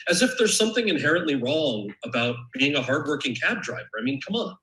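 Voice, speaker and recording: Bright-voiced man reading and chatting. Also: mid-range voice, very animated, fast talker, hardly any pauses, rough recording. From United States. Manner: candid, thoughtful, with frequent restarts. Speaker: author and actor guest. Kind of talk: reading from his memoir, then answering questions. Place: event stage or panel, indoors.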